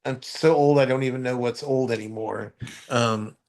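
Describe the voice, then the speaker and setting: A man's voice: steady tone, normal speed. A man hosting a podcast, telling a story in casual chat, rambling with many fillers and restarts, and acting out other people's voices when he quotes them. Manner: acts out others' voices in high shouts when quoting. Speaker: podcast host.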